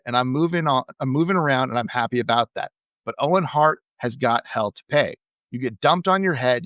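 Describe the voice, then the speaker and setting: A man reading out the lines of a gruff, defiant male wrestler, blunt, combative and full of curses. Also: medium pitch, fairly bright tone, no echo, close to an everyday voice.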